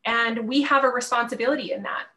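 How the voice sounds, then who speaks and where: A woman's voice: fairly high pitch, fairly even intonation, fast, bright, forceful tone, rough recording. A woman giving a live masterclass to an audience, earnest and emotional, near tears at times, repeating phrases for emphasis. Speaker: masterclass speaker. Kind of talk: live inspirational talk. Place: event venue before an audience.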